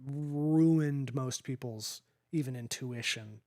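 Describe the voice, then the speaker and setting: A man co-hosting a podcast in casual chat, halting and correcting himself, laughing often. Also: medium pitch, a little mellow. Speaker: podcast co-host.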